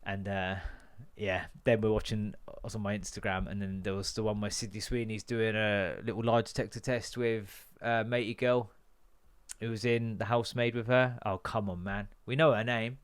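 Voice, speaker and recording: Fairly low in pitch with little movement, this podcast host and comedian speaks at normal speed in a clean tone. His rambling, casual chat is sweary and jokey, and he does other voices when acting out quotes.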